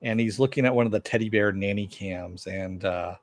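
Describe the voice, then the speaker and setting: A man's voice: on the low side, normal speed, dry recording. A man giving a casual, rambling recap of a TV episode, full of fillers and asides to viewer chat. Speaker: TV show reviewer.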